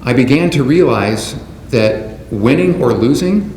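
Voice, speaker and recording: A man speaks at an even middle pitch, delivering a prepared keynote at a careful, deliberate pace. The sound carries the roomy echo of a large conference hall. A faint hum of background noise sits underneath. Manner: measured, deliberate delivery from a script. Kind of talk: prepared speech to an audience.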